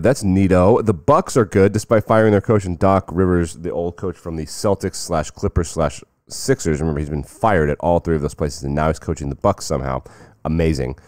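Low-voiced sarcastic man talking sports. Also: dry recording, studio quality. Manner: sarcastic, jumps between loud excitement and muttering. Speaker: sports commentary host. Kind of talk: casual sports commentary.

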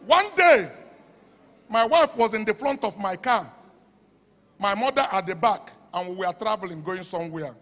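A man preaching a sermon in Nigerian English. He talks with fervour, shouts at the high points and drops to a hush for quoted asides. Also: lively intonation, moderate pace, pauses often. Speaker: pastor. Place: church hall. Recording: long hall reverb.

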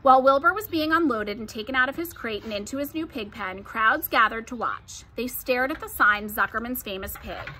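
A woman reading a children's novel aloud, narrating gently and expressively. Her voice is bright and sits a little high. She tells the story at an even, inviting pace. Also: a little hiss or hum. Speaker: storybook reader.

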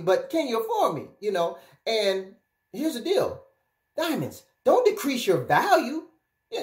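A man speaking as a relationship and life coach, giving direct-to-camera advice in an animated, emphatic way, often checking in with his listeners. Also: sits high. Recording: echoey room.

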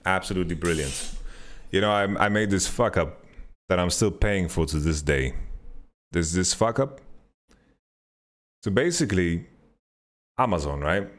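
A man hosting a podcast, telling a rambling story in an animated, sweary way and playing out his own thoughts. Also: a little slow, pauses often. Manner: animated storytelling, swears freely, mimics himself with pitch jumps. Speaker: podcast host. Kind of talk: casual rambling monologue.

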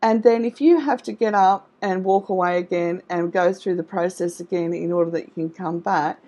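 A middle-aged woman coaching an online audience, reassuring and encouraging, often checking in with "okay?" as she goes. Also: on the low side. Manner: warm, encouraging, reassuring, with frequent "okay?" and "all right?". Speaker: trauma recovery coach. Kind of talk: live online coaching talk.

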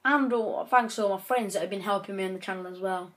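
A woman's voice: medium pitch, fast. A woman giving chatty gameplay commentary, breaking into frequent frustrated outbursts. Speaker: gaming channel host.

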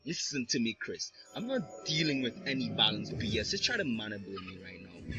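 A young man giving excitable, ranting commentary over his gameplay. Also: a little fast, few pauses, over music. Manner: excitable ranting with big pitch swings. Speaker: gaming video creator. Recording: noisy background.

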